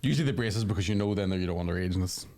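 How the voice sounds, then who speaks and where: A man's voice: deep voice, very fast, a little mellow. A man with a Northern Irish accent, co-hosting a comic podcast and telling rambling, crude stories. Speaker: podcast co-host.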